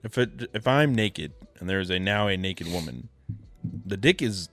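A man co-hosting a casual podcast, firing off crude wisecracks and quick jokey interjections. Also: low-pitched, lively intonation, a bit bright, faint music behind. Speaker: podcast co-host.

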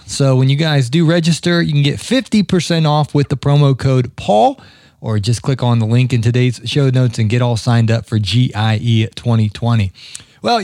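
Male podcast host, higher voice, loose rambling chat, dry close mic. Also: a little mellow, no echo. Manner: chatty, rambling storyteller with many fillers. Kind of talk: casual spoken monologue. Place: lives in Georgia.

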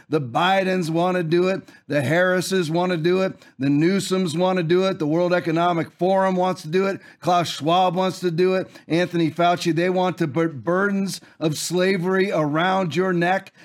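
Male host in his forties, high voice, preachy and forceful, repeats lines for emphasis. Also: steady tone, moderate pace, hardly any pauses. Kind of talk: fiery political commentary with scripture.

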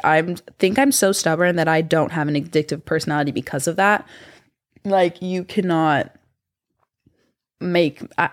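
A young woman casually telling a long rambling story to her viewers, full of fillers and asides. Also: lowish voice. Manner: chatty and rambling, lots of fillers, animated voices in quotes. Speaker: vlogger.

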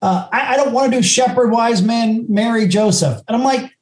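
A man's voice: very high-pitched, normal speed. A man on a panel giving earnest, encouraging advice to preachers. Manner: earnest and encouraging, with many restarts. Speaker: speaker and video maker. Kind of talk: casual panel chat. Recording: roomy echo.

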